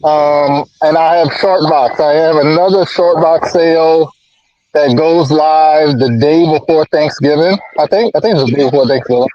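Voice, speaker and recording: A man chatting as a guest on a livestream, rambling and halting, with many fillers and repeats. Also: a little high, mellow, no echo, lo-fi sound. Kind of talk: casual chat.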